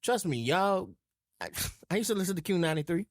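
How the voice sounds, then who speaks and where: A podcast co-host from southeast Louisiana, chatting casually and telling animated, profane stories. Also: mid-range voice, fairly quick, no room sound, clean studio sound. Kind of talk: casual chat.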